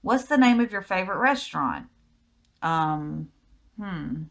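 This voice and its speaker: A Southern American woman with a fairly low voice chats through a personal question list in a home vlog. Her answers ramble easily and are full of little ums. It sounds relaxed and unscripted. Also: measured pace, gravelly, long pauses. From United States. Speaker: vlogger. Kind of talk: casual Q&A vlog.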